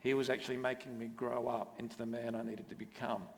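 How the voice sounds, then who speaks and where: A middle-aged man sharing an earnest, measured testimony from a church stage. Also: medium pitch, little pitch movement. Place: church auditorium. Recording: long reverb of a church hall.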